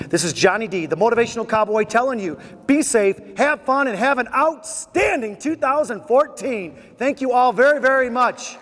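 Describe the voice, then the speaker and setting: A middle-aged man giving a motivational keynote speech, telling stories with animated energy and drawing call-and-response from the audience. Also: extremely high pitch, normal speed, hardly any pauses. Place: large convention hall. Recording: echoey convention hall, faint noise.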